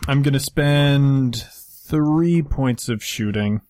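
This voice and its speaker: Male player, middle pitch, hesitant, declaring moves at the table. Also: slow pace, darkish tone. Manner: hesitant, with fillers. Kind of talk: playing a tabletop game.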